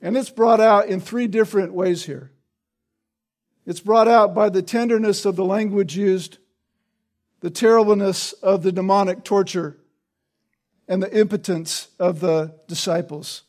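High-pitched guy teaching a sermon verse by verse, keeps saying right?. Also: steady tone, a little slow, a little mellow. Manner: explanatory, with frequent tag questions. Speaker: preacher. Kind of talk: expository sermon.

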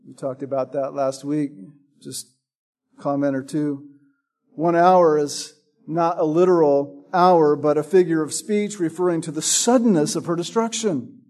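A man preaching a sermon, teaching from a Bible passage with a slow, emphatic, drawn-out delivery. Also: a little high, a little mellow.

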